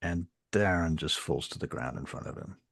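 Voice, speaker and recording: A man narrating a tabletop role-playing game as game master, relaxed and with many fillers. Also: low voice, moderate pace, creaky.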